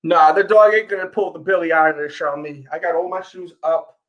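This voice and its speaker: A middle-aged man with a New York accent, speaking in a high register. He hosts a casual livestream and talks straight to his viewers, repeating himself and pleading to be heard. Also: fairly quick, a bit bright. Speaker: sneaker channel host.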